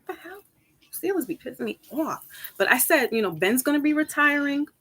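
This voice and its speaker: A woman tarot reader chatting casually with her viewers, rambling from topic to topic, laughing easily and jumping up high for emphasis. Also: lively intonation, fairly quick, a bit bright. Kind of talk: casual chat with viewers before a reading.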